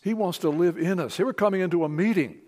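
A man preaching a sermon to a church meeting, fervent, dropping to hushed tones and rising to emphatic declarations. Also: high voice, fast.

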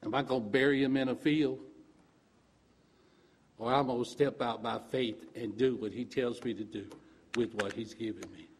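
A man giving an earnest, informal church testimony, questioning himself and often trailing off quietly. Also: mid-range voice, fairly even intonation, moderate pace, long pauses, a little hiss or hum. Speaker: church member sharing a reflection.

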